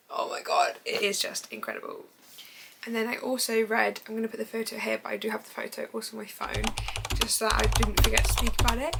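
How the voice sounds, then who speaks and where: A young book vlogger gushes about books she has read in a casual review chat, rambling enthusiastically with fillers like "basically." Her medium-pitched voice has vocal fry and a fairly bright tone. The audio is poor, with slight background noise.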